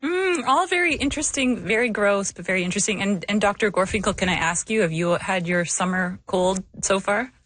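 A woman's voice: medium pitch, lively intonation, fairly quick, few pauses, fairly bright tone, no echo. A woman hosting a radio interview, friendly and conversational with a few hesitations. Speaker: radio host.

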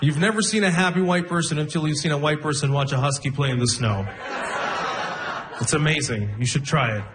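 A young man performing a stand-up comedy set, telling stories deadpan and laughing at his own jokes. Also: on the high side, a little fast, background noise. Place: comedy club stage with audience.

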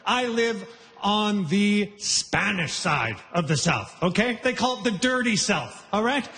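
High, bright man doing brash stand-up. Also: expressive, a little slow. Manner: brash, conversational, crowd-working. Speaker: stand-up comedian. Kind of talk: stand-up comedy set. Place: comedy festival stage before a live audience. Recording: live show in a reverberant hall. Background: audience laughter.

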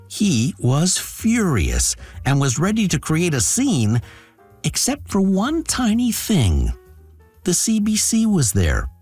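A man's voice: mid-range voice, a little mellow, breathy edge. A man from Canada recounting a workplace story with wry, dry humor. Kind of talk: personal storytelling narration.

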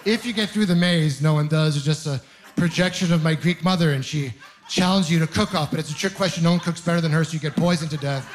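A male stand-up comic with a slightly higher voice than most men, telling stories about himself in a wry, self-mocking way. He builds his bits through quick rhetorical questions. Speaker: stand-up comedian. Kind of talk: stand-up comedy set.

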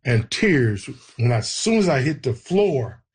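A man with a husky voice telling an emotional, earnest personal testimony. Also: mid-range voice, big pitch swings, unhurried, darkish tone. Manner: emotional, earnest storytelling with quoted prayers. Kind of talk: personal storytelling.

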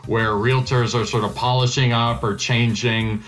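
A man's voice: medium pitch, level tone, unhurried, a bit bright. A male hospitality professor giving analytical expert commentary in an interview, articulate and dryly wry.

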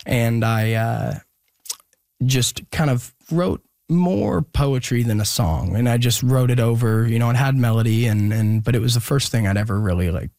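A young man from Oregon telling a personal story as an interview guest, earnest and hesitant, with many pauses and restarts. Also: mid-range voice, gravelly, a little mellow, no room sound, studio quality.

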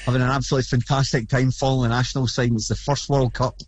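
Man, Glaswegian Scottish accent, excited chatty talk, mid pitch, dry sound. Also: racing, husky, no echo, muffled recording. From Scotland. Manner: enthusiastic, chatty, with repeated restarts. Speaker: podcast host interviewed as guest. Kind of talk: phone or remote interview.

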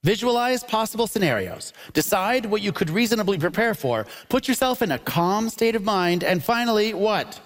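A man hosting a live comedy debate show on a theatre stage, quick and quippy, laughing between his lines. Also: high-pitched, expressive, big-room sound. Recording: live audience laughter and ambience.

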